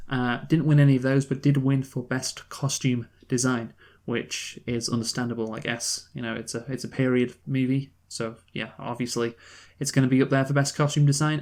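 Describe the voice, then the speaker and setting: A young man hosts a casual film review chat. He jokes around and restarts his sentences often, talking at an ordinary pitch. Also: a little mellow. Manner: casual, hesitant restarts, joking. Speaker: co-host of a film review show.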